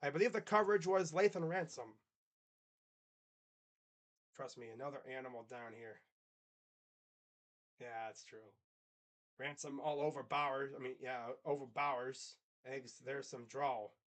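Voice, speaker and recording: A man's voice: a little slow, long pauses. A man doing casual live play-by-play on a reaction stream, chatting with viewers between calls. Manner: casual, chatty, reads and answers live chat; excited play calls mixed with low asides. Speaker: sports streamer.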